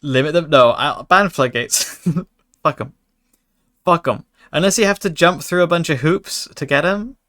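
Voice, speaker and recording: A man's voice: a little high, normal speed, fairly bright tone. A man streaming a card game, chatting casually with his chat and joking in mock anger. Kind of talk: casual gaming commentary.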